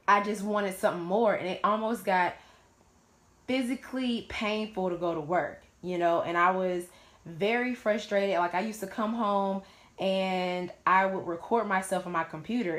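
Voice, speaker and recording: A woman's voice: on the low side, moderate pace, a bit bright. A woman in her late twenties, hosting a live Q&A, who shares her personal story in a casual, candid way and swears freely. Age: late 20s. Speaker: host of a live Q&A stream. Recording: roomy echo.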